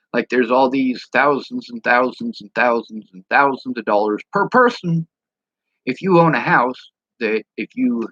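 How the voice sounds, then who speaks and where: A man's voice: mid-range voice, fairly bright tone, no echo, highs cut off. A man talking frankly and bluntly to camera in a casual vlog, swearing freely. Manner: mimics speech impediments. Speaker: vlogger.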